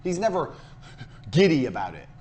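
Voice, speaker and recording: A man's voice: a little high, big pitch swings, moderate pace, a little mellow. A man giving a blunt, profane, hard-driving motivational business lecture as a coach, now and then mocking others in whiny put-on voices.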